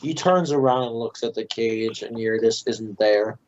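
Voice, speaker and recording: A man's voice: fairly low pitch, normal speed, a little mellow. A young man narrating as game master in a casual tabletop game, swearing freely as he describes what happens. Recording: dull lo-fi mic with faint hiss.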